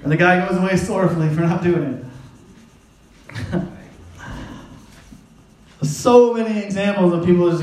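A man with a high-pitched voice preaching a sermon in a casual, joking tone, often laughing and slipping into quick voices for the people he talks about. His voice rings around a roomy, echoing space. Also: steady tone, darkish tone. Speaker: pastor.

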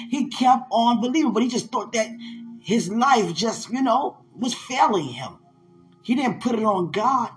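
Brief: emphatic male preacher, lifted voice, soft music behind. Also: very high-pitched. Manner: fervent, emphatic, laughs at times. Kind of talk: sermon-style podcast talk.

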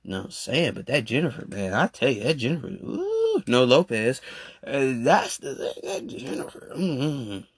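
A man ranting casually in a voice message, animated and repetitive with slang. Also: mid-range voice, moderate pace, slightly rough, no echo, studio quality. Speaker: podcast host. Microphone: phone voice message.

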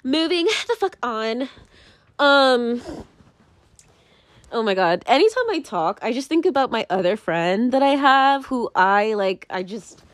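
Rambling young woman, animated voice. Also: fairly high pitch, measured pace, no room sound. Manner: rambling, many fillers and restarts, animated swings. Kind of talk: casual rambling monologue.

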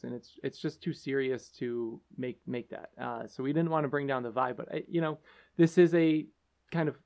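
A man co-hosting a casual podcast, talking in an earnest, halting way with many fillers. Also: medium pitch, vocal fry. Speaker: podcast co-host.

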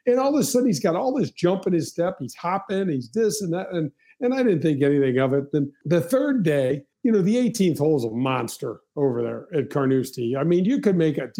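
Middle-aged guy hosting a show, kinda high mellow voice, rambling animated story, swears a bit. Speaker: show host telling golf stories. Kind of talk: casual storytelling chat.

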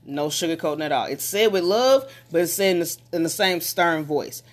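Emphatic speaker hyping folks up, repeats stuff a lot, mid-pitch voice, casual motivational rant. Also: a little fast. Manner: emphatic, repetitive, rising to passionate pushes. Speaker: relationship and motivation talker.

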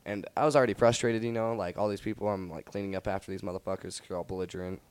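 A young man co-hosting a podcast, telling rowdy party and fight stories in a casual, profane, animated way. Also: on the low side, rapid-fire, clean tone, no echo. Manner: profane, animated storytelling with acted quotes. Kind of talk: casual storytelling chat.

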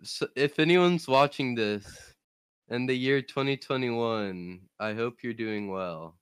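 Young guy from louisiana, stumbly casual podcast chat, smooth clean voice, dead dry sound. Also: medium pitch, no echo. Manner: halting, restarts and stumbles. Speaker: podcast guest.

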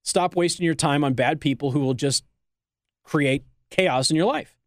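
A man's voice: on the high side, moderate pace, no room sound, studio quality. A man hosting talk radio, giving blunt, teasing advice in an opinionated monologue. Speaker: radio talk show host. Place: radio studio.

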